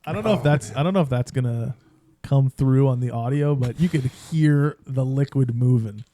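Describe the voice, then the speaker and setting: A man's voice: mid-range voice, moderate pace, mellow, no echo. A young man co-hosting a casual podcast, teasing and laughing often. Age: young adult. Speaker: podcast co-host. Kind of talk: casual chat.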